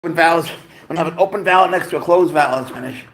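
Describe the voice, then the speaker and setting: A man's voice: a little high, racing, a bit bright, a little hiss or hum. A man and teacher chatting on a live stream at home, talking baby talk to his pet, swearing and rambling between asides. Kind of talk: casual live stream chat.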